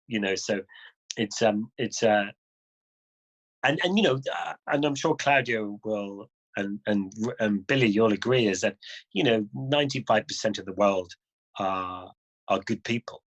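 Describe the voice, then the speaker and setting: A man's voice: mid-range voice, normal speed, poor audio. A middle-aged man, a guest adventure motorcyclist, telling stories in a casual way and acting out other people's lines. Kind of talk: casual conversational storytelling.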